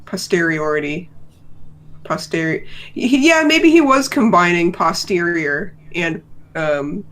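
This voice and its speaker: A woman's voice: on the low side, lively intonation, slow, fairly bright tone. A woman co-hosting a casual podcast, chatting and laughing often as she reviews a cartoon episode. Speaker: podcast co-host.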